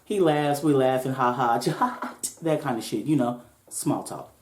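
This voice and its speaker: A woman's voice: extremely low pitch, measured pace. Laid-back, profane woman storyteller. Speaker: podcast host. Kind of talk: casual storytelling. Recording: roomy echo.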